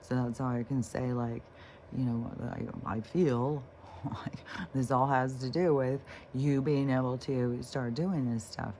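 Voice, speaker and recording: A woman's voice: extremely low pitch, steady tone, warm tone, slight background noise. A woman vlogger talking casually and unscripted about healing and letting go. She rambles, swears offhandedly and restarts her sentences often. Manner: slow, unhurried delivery. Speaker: spiritual vlogger.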